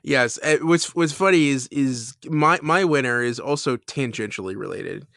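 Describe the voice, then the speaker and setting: A podcast co-host chats casually, rambling with lots of fillers and restarts and laughing as he retells a scene. His voice is medium-pitched, gravelly and a little bright, at a moderate pace. The recording is dry and studio-clean.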